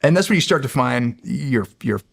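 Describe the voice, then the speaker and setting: A middle-aged man spinning a casual anecdote with a gravelly, fry-tinged voice. His delivery is animated, with frequent restarts and laughter. His pitch sits at an ordinary middle level. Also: moderate pace. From United States. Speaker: podcast guest, former Navy SEAL. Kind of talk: casual storytelling.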